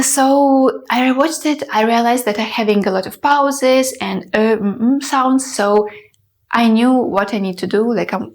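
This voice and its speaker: Chatty, animated young woman vlogger. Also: on the high side. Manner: chatty and animated, with fillers and light laughs. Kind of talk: casual talk to camera.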